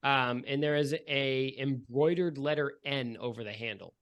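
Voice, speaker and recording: A man's voice: mid-range voice, moderate pace, fairly bright tone, smooth. A man narrating a tabletop game as game master, chatty and descriptive with many fillers.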